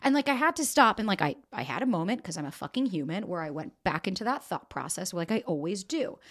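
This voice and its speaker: A woman's voice: fairly low pitch, big pitch swings, quick pace, a bit bright. A woman in her forties hosting a podcast, telling a personal story in candid, emotional chat, swearing freely and acting out quotes. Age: 40s. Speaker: podcast host.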